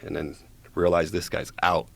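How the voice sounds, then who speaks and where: A man's voice: sits low, flat delivery, normal speed, creaky. A man casually telling a long story as a guest, profane and rambling, checking in with "right?" as he goes.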